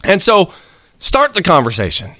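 A man delivers an earnest, conversational sermon, his voice a touch higher than most and full of swings in pitch. The sound is dry and close, with little room around it. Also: huge pitch swings, moderate pace, sharp tone, dry recording. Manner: earnest, conversational preaching with acted-out quotes. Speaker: preacher.

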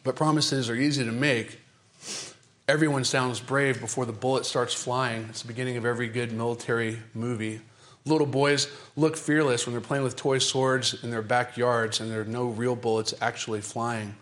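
A man preaching from the pulpit in a dramatic, emphatic style, building through repeated phrases. His delivery swings between driving, quickened bursts and slow, weighty stretches. He addresses the congregation with pointed rhetorical questions. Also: medium pitch, steady tone. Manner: dramatic, emphatic delivery with repetition and sudden shifts in pace and loudness. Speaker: pastor. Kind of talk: sermon.

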